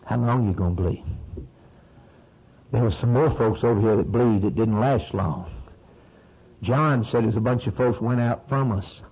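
Fervent preacher on lo-fi radio. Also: male voice, breathy edge. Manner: fervent, swings from low earnest to high rising emphasis. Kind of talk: sermon. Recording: muffled lo-fi old radio broadcast.

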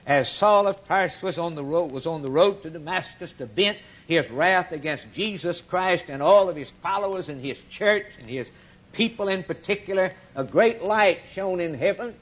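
A man delivers an emphatic sermon in a slightly raised, husky voice. He retells scripture dramatically and drives his points home through repetition. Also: sits high, lively intonation, moderate pace, fairly bright tone. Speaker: preacher.

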